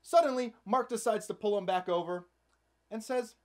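A man's voice: high voice, moderate pace. A man hosting a comedic movie recap, narrating with sarcastic, playful asides. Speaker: host.

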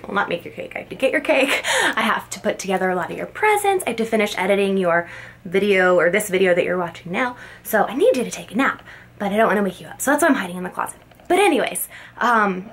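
A young woman talking as a mother to her baby son, tender and emotional, with halting words, recorded in a closet at home. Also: mid-range voice. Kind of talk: heartfelt personal video message.

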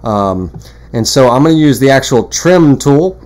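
A man walking through a woodworking software tutorial in a casual, rambling way, full of fillers and restarts. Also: medium pitch, lively intonation, measured pace. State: has the hiccups. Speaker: CNC woodworking instructor. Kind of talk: screen-recorded software tutorial.

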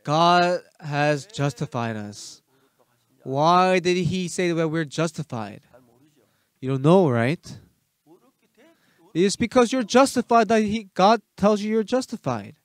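A man preaching a sermon as pastor, emphatic, firing rhetorical questions at the congregation and swinging between loud urging and soft asides. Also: on the high side, lively intonation, slow pace, pauses often, dry recording.

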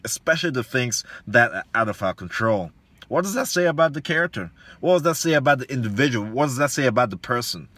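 A man's voice: mid-range voice, pushed and bright, no room sound. A man, an online fitness coach, giving a preachy motivational monologue full of repeated lines, slang and rhetorical questions.

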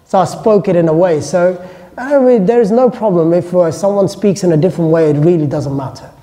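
A man's voice: high-pitched, a little fast, dark tone. A man giving a casual, joking classroom lecture to listeners. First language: English. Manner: chatty, joking, informal asides. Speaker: Islamic lecturer. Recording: long hall reverb.

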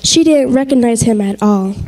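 Woman scripture reader, high but mellow voice, earnest. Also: normal speed, poor audio. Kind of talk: dramatized scripture reading at a service.

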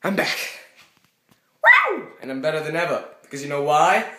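A man's voice: on the high side, fast, fairly bright tone. A young man rambling goofily in a casual vlog at home, self-aware and jumping between topics, filming on a handheld phone. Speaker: vlogger. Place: at home, indoors.

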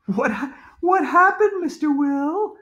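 A man voicing a bossy know-it-all schoolgirl who scolds in prim, drawn-out words. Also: extremely high pitch, lively intonation, fairly bright tone, voice pushed up, exaggerated voice. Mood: urgent. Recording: roomy echo.

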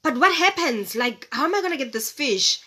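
A woman's voice: high voice, lively intonation, fairly quick, bright, forceful tone. A woman voicing a hungry male fox from a children's story, pleading and whiny.

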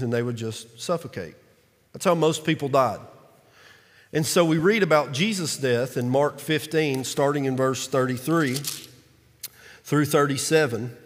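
Guy preaching, kinda high voice, acts out the bible bits, big echoey church. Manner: conversational preaching, dramatizes scripture quotes. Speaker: pastor. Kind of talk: sermon. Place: church sanctuary. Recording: long reverb of a large hall.

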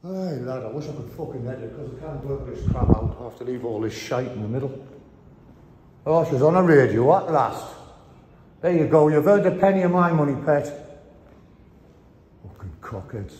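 A man's voice: mid-range voice, fairly quick, a little mellow, reverberant, big-room sound, slight background noise. A man, filming himself as he argues with police, mocking and swearing. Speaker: vlogger confronting police. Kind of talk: confrontational street filming. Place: police station public area.

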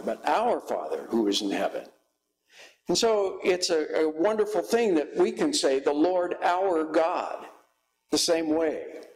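A guest pastor, a man, preaching a sermon in a church, slow and halting with frequent fillers. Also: fairly high pitch, rough recording.

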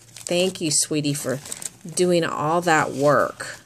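Woman, crafting vlogger, casual chat, slow unhurried delivery, admiring and chatty. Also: low-pitched, slight background noise.

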